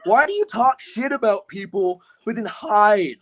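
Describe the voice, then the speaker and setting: A man's voice: sits high, animated, unhurried, a bit bright, lo-fi sound. A man taunting and goading a rival in a heated online voice chat, in a mocking tone. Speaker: streamer calling in to a rival's stream. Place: online voice call.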